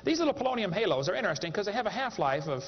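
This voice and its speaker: High-voiced man telling a joking lecture. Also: sing-song, rapid-fire, breathy edge. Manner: folksy, joking storyteller. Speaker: creationist speaker. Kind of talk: humorous lecture to a live audience. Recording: echoey hall, dull lo-fi sound.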